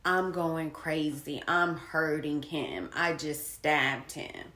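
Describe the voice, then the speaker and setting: A woman telling a raw personal story in a candid, unpolished way, swinging between hushed and loud. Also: sits low, takes it slowly, echoey room. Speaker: storyteller sharing her own experience.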